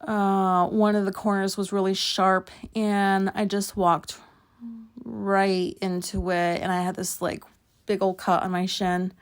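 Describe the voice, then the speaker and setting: A woman's voice: medium pitch, little pitch movement, slow pace, smooth. A woman hosting a podcast, telling personal stories in a rambling, candid way, swearing freely and laughing at herself. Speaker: podcast host. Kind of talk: casual personal storytelling.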